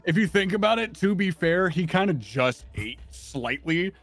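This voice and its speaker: A man's voice: sits high, animated, normal speed, a bit bright, faint music behind. A man playing a tabletop game on a call, reasoning aloud in a hesitant, casual way. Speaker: player.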